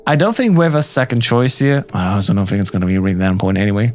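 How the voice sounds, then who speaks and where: A man's voice: on the low side, racing, a little hiss or hum. A man streaming and chatting casually about a game, giggly and self-deprecating. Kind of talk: casual gameplay commentary.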